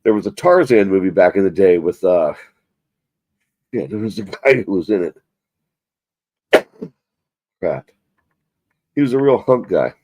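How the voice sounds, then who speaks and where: Deep-voiced rambling profane man. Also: expressive, a little slow, pauses often, darkish tone, dry recording, highs cut off. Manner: rambling, profane, self-mocking. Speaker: livestream host. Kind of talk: casual live stream chat.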